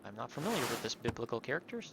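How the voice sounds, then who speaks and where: A man's voice: medium pitch, very animated, racing, gravelly, heavy background noise. A man casually commenting on a game he is playing, swearing and joking as he goes. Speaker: streamer.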